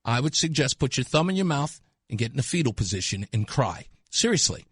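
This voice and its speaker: Mocking, lively male talk radio host. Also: mid-range voice, a little fast, husky, no echo, clean studio sound. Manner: mocking, scornful, laughs at callers. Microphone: studio mic.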